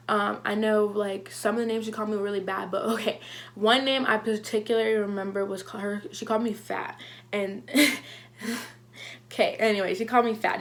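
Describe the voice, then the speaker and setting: Chatty young woman telling a story. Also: medium pitch. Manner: animated, heavy use of "like", acts out quotes. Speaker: vlogger. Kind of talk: casual storytime.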